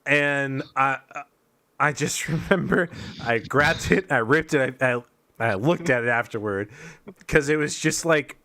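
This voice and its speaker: A man with a bright, forward voice spins a rambling, profanity-laced story for his co-hosts. He talks casually, doubles back often, and keeps poking fun at himself. His pitch sits in an ordinary middle range. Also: measured pace. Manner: rambling, profane, self-mocking storytelling with frequent fillers. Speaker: podcast co-host telling a story. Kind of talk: casual chat.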